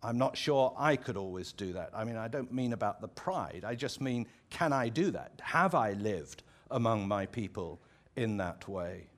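A man's voice: lowish voice, expressive, normal speed. A man with an English accent, a pastor preaching a sermon in a conversational, reflective way, often restarting his phrases and adding asides. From England.

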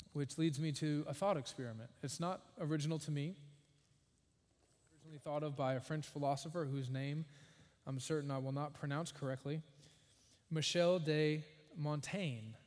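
A man's voice: a little high, in a large hall. A man preaching a sermon as a pastor, earnest and emphatic, with wry asides.

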